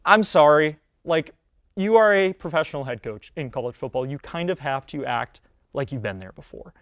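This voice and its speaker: A man's voice: fairly high pitch, moderate pace, no echo, studio quality. Young man hosting a casual sports rundown. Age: 20s. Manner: casual, animated, with frequent fillers and restarts. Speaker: podcast host; college student. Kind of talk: solo sports talk rundown.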